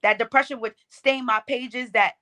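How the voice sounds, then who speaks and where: A woman's voice: a little high, fairly even intonation, moderate pace, pushed and bright. A woman performing her own spoken word poem, with a rhythmic, emphatic delivery. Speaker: poet.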